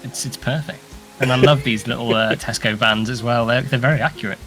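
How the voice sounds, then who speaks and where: A man's voice: mid-range voice, steady tone, a little fast, fairly bright tone, faint music behind. A man co-hosting a casual showcase, chatting enthusiastically and laughing easily. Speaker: co-host. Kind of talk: casual chat commentary on contest entries.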